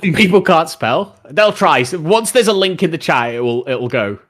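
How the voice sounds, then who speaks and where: A man's voice: a little high, expressive, moderate pace, a bit bright. A young man streaming live, chatting casually about football and answering viewer questions in a rambling, opinionated way.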